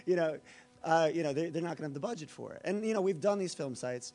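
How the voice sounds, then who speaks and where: A man's voice: a little high, lively intonation, quick pace, a little mellow. A man speaking on a discussion panel, hesitant with many fillers.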